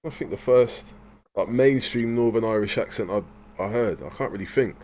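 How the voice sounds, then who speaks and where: A man's voice: fairly low pitch, moderate pace, darkish tone, a little hiss or hum. A man from Oxford with a southern English accent, chatting casually on a live stream panel, hesitant and full of fillers. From Oxford, England. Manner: hesitant, lots of fillers and yeahs.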